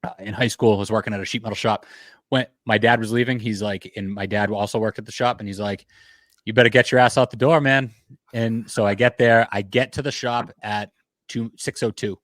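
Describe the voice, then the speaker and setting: A man who is a general contractor hosts a podcast in a casual interview, telling animated stories, swearing casually and laughing at his own tales. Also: on the low side, brisk, no echo. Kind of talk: casual interview chat, storytelling.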